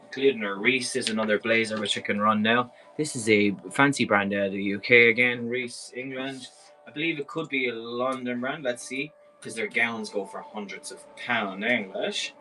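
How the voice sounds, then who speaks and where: An Irish man with a bright, forceful voice runs a live clothing sale in a chatty, enthusiastic way. He rambles freely between items, and faint music plays behind him. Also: mid-range voice, normal speed, low-quality recording. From Ireland. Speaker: live-stream clothing seller. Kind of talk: casual live sales patter.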